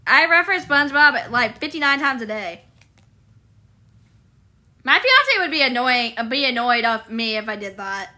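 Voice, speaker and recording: High bright giggly woman streamer. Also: lively intonation, normal speed, pauses often. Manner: playful and giggly, chatting with viewers. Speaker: live streamer. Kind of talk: casual live-stream chat.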